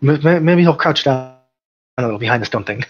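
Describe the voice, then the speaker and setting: A man with a medium-pitched, ordinary voice takes his turn in an online tabletop game, fumbling through his actions with hesitant pauses and quick restarts. His voice comes over dull, lo-fi voice chat audio. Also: animated, slightly rough. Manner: hesitant, lots of uh and restarts, chuckling. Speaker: player.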